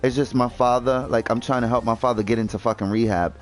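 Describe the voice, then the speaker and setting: A man's voice: medium pitch, fairly even intonation, quick pace. A young man chatting casually while gaming, rambling with lots of fillers and swearing freely. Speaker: gaming video host.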